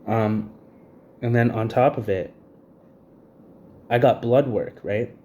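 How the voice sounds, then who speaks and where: A man's voice: mid-range voice, takes it slowly, mellow. A man in his thirties ranting to camera in an agitated, repetitive way, short of breath, with frequent "you know what I mean" fillers. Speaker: vlogger.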